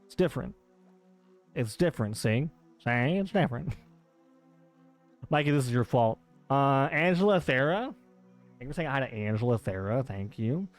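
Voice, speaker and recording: A man streaming a game live, bantering and joking with his chat in a playful, teasing way. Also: fairly high pitch.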